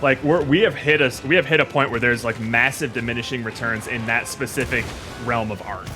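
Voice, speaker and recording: A man's voice: mid-range voice, brisk, bright, forceful tone, faint music behind. A man streaming a game and chatting casually, opinionated and rambling with lots of fillers. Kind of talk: casual gaming chat.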